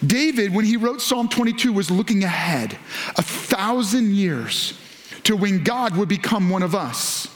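A male pastor preaching a sermon to several campuses, animated, lifting his voice when he quotes scripture. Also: high-pitched, unhurried. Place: large church auditorium. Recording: echoey hall.

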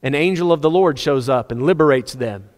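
A male preacher delivers a sermon with a fairly high voice, surging into loud, urgent appeals and then sinking into near-whispered stretches. His words ring out with a long reverb, as in a large church hall. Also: a little fast. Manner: impassioned, swinging between loud high-pitched appeals and hushed low passages.

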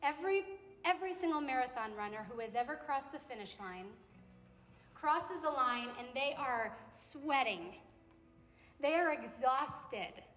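High-voiced woman preaching in an echoey hall. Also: a little slow, faint music behind. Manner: animated, conversational preaching with acted-out quotes. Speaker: campus ministry speaker. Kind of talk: sermon. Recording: echoey hall with long reverb.

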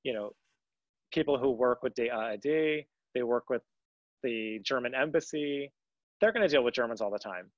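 A man's voice: medium pitch, animated, normal speed, no echo. Earnest man, dull dry audio. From United States. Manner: earnest, rambling with restarts. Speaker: guest. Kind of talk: conversational interview.

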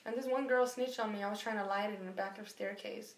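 A woman telling a story in casual chat, animated and profane, acting out the voices of the people in it. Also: medium pitch, quick pace, reverberant. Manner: animated, profane, acts out quotes.

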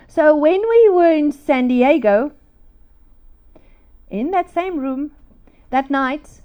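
A woman's voice: high-pitched, a little mellow. A middle-aged woman, preaching a sermon through emotional personal stories.

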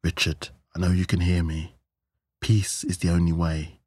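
A man reading the part of a serene robed man in his thirties who speaks softly, calmly and kindly. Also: sits low, moderate pace, husky, no room sound. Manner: soft, calm and kindly. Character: calm robed male cult figure, thirties, gentle.

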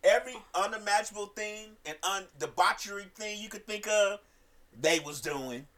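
A man's voice: high voice, normal speed, a bit bright. A man co-hosting a podcast, gossiping and laughing often. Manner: gossipy, laughs often, reads comments aloud. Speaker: podcast co-host. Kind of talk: casual chat.

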